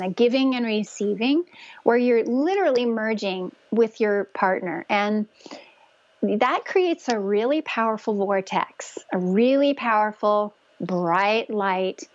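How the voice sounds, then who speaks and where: A woman guest speaking gently and earnestly about spiritual connection, with frequent restarts. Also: fairly high pitch, no room sound, highs cut off. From Northern California. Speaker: guest, conception coach. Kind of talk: casual interview talk.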